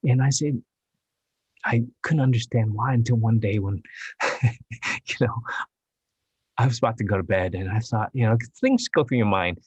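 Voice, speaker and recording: A man who is an actor, speaking English as a later language, chatting as a podcast guest in a rambling, halting way with frequent laughs. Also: medium pitch, husky, no echo, highs cut off. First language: Chinese dialect. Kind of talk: casual interview chat.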